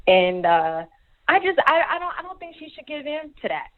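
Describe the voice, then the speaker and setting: A woman calling in to a show, speaking hesitantly with many pauses and restarts. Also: high voice, sing-song. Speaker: caller. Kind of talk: phone call to a show. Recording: tinny phone line.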